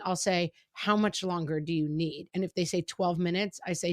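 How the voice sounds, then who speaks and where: A woman's voice: fairly low pitch, fairly even intonation, fairly quick, hardly any pauses, no room sound, clean studio sound. A middle-aged woman co-hosting a parenting podcast in casual chat, often acting out exchanges with her kids. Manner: chatty, acts out quoted exchanges with her kids. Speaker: podcast co-host.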